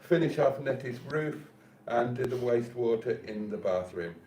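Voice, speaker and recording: A man's voice: mid-range voice, animated, moderate pace, warm tone. Chatty man hosting a live stream. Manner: chatty, reads out messages. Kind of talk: casual live stream chat. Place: home in Spain. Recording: roomy with faint noise.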